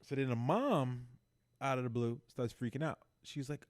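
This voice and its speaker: A man co-hosting a podcast, excitedly retelling a TV episode in casual chat, acting out the characters and swearing freely. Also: mid-range voice, normal speed. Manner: animated storyteller acting out characters, heavy swearing. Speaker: podcast co-host.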